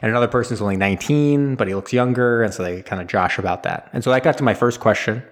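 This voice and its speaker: A young man rambles through a film recap on a casual podcast. His voice sits in a middle pitch, and he slips into quoted lines and chuckles as he goes. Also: fast talker. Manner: rambling, animated storyteller with laughs and quoted voices. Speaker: podcast host.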